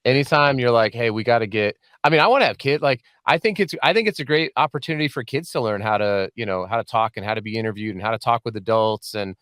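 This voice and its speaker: A man's voice: medium pitch, fast talker, hardly any pauses, a bit bright, no echo. A man hosting a podcast from a home studio, chatting casually and joking often with his guest. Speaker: podcast host. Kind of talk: casual interview chat.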